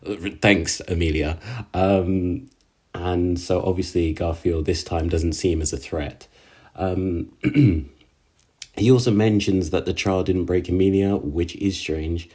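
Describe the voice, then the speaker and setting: A man with a low, warm, mellow voice talks casually through an anime episode. He speaks in slang, stumbles through fillers, and sounds openly exasperated with the characters. It comes across as a relaxed solo reaction recording. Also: takes it slowly. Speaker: anime reviewer. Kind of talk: casual episode recap and rant.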